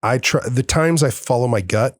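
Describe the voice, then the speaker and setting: A podcast host in his thirties tells a personal story in casual conversation, earnest and heartfelt, acting out the dialogue as he goes. His medium-pitched voice moves at normal speed, recorded with studio quality and no room sound.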